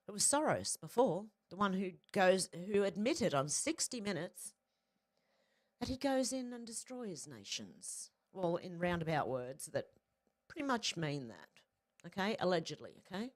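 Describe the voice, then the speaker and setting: An Australian woman with a slightly low voice, talking casually and bluntly and swearing freely. She reads out posts one after another and breaks in with quick asides of her own. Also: big pitch swings. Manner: blunt and profane, with mid-sentence asides. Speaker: political commentary vlogger. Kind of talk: casual commentary reading out social media posts.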